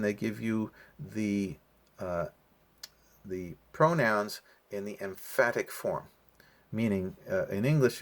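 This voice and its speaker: A man teaching a language lesson in a relaxed, explanatory way, with frequent fillers as he walks through the material. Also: fairly low pitch. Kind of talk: casual lesson walkthrough.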